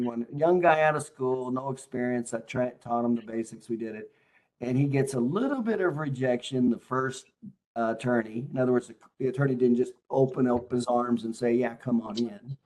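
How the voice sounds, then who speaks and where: A man's voice: mid-range voice, moderate pace, a little mellow. A man hosting a casual interview, a chiropractic consultant who asks leading questions in a coaching tone.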